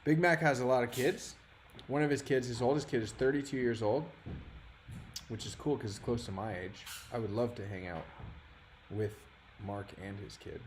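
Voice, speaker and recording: A man's voice: mid-range voice, normal speed. Casual streamer guy in his thirties, chatty and self-mocking, faint noise behind. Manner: frustrated, rambling, self-deprecating. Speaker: livestream host. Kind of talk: casual livestream chat.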